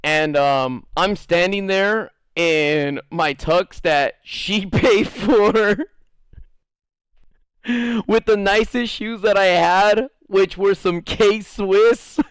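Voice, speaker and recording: A man's voice: sits high, very slow, smooth, no room sound, studio quality. Rambling, laughing man telling a story. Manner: rambling, laughs often, curses, many "like" fillers. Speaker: streamer. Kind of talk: casual storytelling to a live chat.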